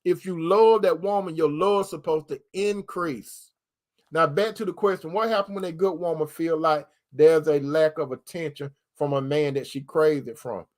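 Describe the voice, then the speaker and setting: A man with a high voice talks to his viewers like a preacher. He hammers each point home by repeating it, and keeps calling the listeners brother and sister. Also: steady tone, normal speed. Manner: repetitive, emphatic, addresses listeners as brother and sister. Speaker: host giving relationship advice from a Christian view. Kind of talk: preaching-style talk to viewers.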